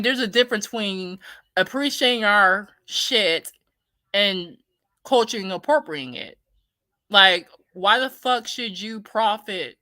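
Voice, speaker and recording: A woman speaks with a bright, crisp tone. She rants bluntly and heatedly in casual commentary, swearing often and repeating her points. The sound is dry and close to the mic. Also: medium pitch, no room sound. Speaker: commentary streamer. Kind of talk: casual opinion rant reading chat.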